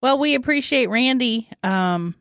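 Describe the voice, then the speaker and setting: A woman's voice: on the high side, lively intonation, a little slow, a bit bright, no echo. A woman co-hosting a podcast in casual chat, teasing with dry jokes and laughing often. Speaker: podcast co-host.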